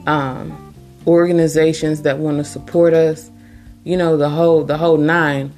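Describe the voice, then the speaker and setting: A woman's voice: low voice, flat delivery, normal speed, darkish tone, faint music behind. A woman hosting her own podcast, talking earnestly and emphatically, repeating her key points. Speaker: podcast host. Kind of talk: casual motivational monologue.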